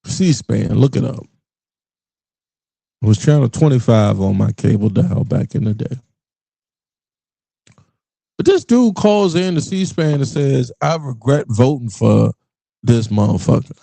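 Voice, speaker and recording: Man, podcast host, slow and gravelly, dry close sound, blunt profane rant. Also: mid-range voice, dry recording. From Richmond, Virginia area. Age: middle-aged. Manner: blunt, profane, animated rants with laughs. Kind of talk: casual monologue.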